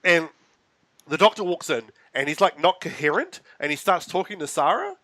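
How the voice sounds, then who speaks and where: A man co-hosting a podcast, recapping an episode in animated casual chat full of fillers. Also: on the high side, moderate pace, no room sound. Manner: animated storytelling with many fillers. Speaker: podcast co-host.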